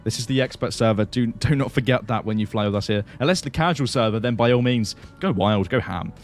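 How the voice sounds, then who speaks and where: Over soft background music, a chatty man with a mid-range voice talks a little fast while flying a flight simulator on a livestream. He laughs often and answers questions from chat in casual commentary.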